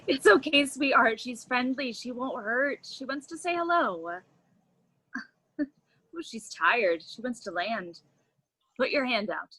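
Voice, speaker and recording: A woman playing a gentle old grandfather who talks soothingly to his grandchild, in an audio theater play. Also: on the high side, lively intonation, slow, long pauses, breathy edge, full character voice, low-quality recording. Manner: soothing, hushed storyteller tone.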